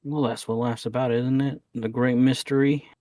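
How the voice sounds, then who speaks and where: A man's voice: mid-range voice, flat delivery, moderate pace, dark tone, no echo. A man playing a tabletop game, speaking in an easygoing, folksy way. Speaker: player. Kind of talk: tabletop role-play.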